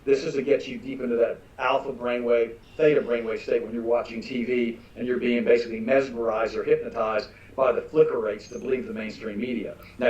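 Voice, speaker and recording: Emphatic older man, distant and roomy. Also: medium pitch. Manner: emphatic, animated anecdote-telling. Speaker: nutritionist guest. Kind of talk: conversational interview storytelling. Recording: distant roomy mic with dull lo-fi sound.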